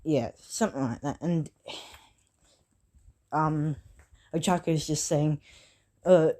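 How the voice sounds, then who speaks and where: A woman's voice: deep voice, steady tone, slow, dark tone. A woman improvising a fan story aloud, rambling with many fillers and self-corrections.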